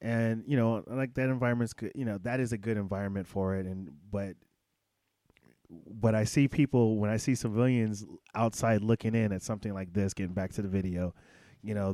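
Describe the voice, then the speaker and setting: A man's voice: fairly low pitch, steady tone, a little fast, dark tone, no room sound. A man who is a former Army drill instructor, telling stories bluntly and profanely in a casual interview.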